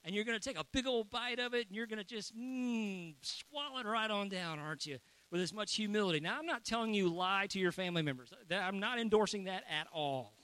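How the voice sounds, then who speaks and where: A man's voice: high voice, animated, fairly quick, hardly any pauses, bright, forceful tone, clear, resonant tone. A man preaching a sermon as a pastor, chatty and joking with his congregation.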